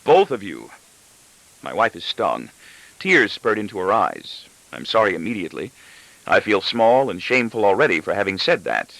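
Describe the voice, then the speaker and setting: A man reading a first-person novel aloud as audiobook narration, expressive and even-paced. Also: lowish voice, moderate pace, gravelly, dry recording, rough recording. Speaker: audiobook reader.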